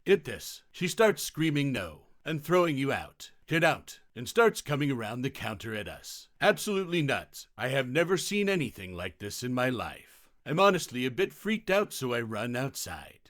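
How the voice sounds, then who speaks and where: A man narrating online customer-service stories in a steady, scripted reading style. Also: mid-range voice, normal speed, hardly any pauses, no echo, clean studio sound.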